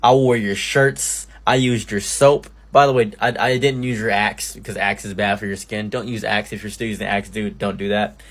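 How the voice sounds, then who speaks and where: Animated young man spinning a storytime. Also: moderate pace, hardly any pauses. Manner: animated, mock-grandiose storytelling with sudden high-pitched exclamations. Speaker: streamer telling a personal story. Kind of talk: storytime commentary.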